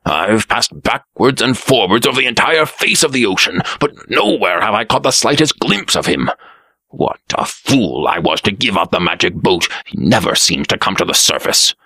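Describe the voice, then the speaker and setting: A man voicing a scheming, gruff young prince with a growling, low delivery in a storybook reading. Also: very animated, normal speed, sharp tone, no echo, exaggerated voice. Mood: grumbling.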